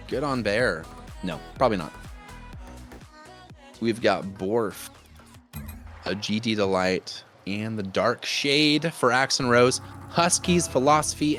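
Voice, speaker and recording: A man casting a live esports match as play-by-play commentator, jokey and excitable with loud bursts of enthusiasm. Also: medium pitch. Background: music.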